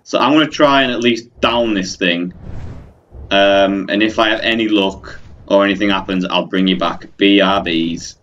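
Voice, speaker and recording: A man's voice: low-pitched, normal speed, a bit bright, lo-fi sound, a little hiss or hum. A young man commenting on his own gameplay, exasperated and ranting at the game while talking to his viewers. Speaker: gaming channel host. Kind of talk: let's play commentary.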